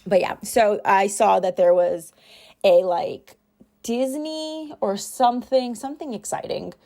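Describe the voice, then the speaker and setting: With a mid-range voice that's creaky and a little mellow, a young planner vlogger speaks at a measured pace about her planner and week. Her home voiceover is casual, rambling, and self-deprecating.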